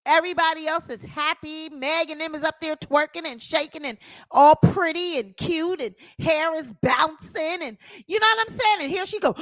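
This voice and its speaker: A woman's voice: sits high, lively intonation, measured pace, no room sound. A woman hosting her own channel, giving sassy, opinionated celebrity gossip commentary and calling her viewers honey.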